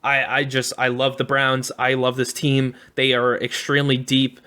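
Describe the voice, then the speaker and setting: Upbeat bright-voiced male podcast co-host. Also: medium pitch, monotone. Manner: upbeat, enthusiastic opinions, quick asides. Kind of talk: casual sports talk.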